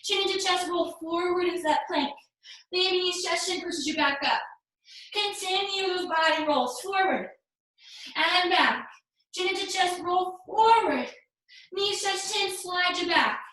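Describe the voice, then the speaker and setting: Extremely high in pitch and a little slow, her voice here is bright with a forceful tone. She's teaching live yoga, cueing poses upbeat, singing some and laughing at herself, a touch out of breath. The laptop mic over a hotspot is far from her, so the recording is very echoey and low in quality.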